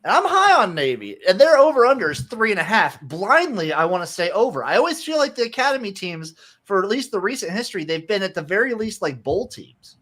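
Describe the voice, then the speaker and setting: Male podcast co-host, slightly higher voice, relaxed picks chat with a blunt edge. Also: fairly quick. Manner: laid-back, opinionated, swears casually. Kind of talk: casual sports betting chat.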